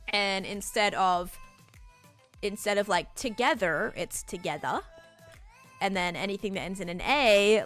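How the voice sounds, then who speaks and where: With a mid-range voice, a young woman from Sydney talks loosely and rambles while streaming a game and replying to her chat, her Australian accent softened.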